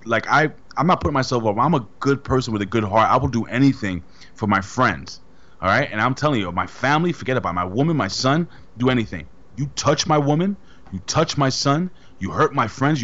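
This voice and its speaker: A man's voice: medium pitch, fairly bright tone, dull audio. Blunt, rambling man podcaster. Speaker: podcast co-host. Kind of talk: casual chat.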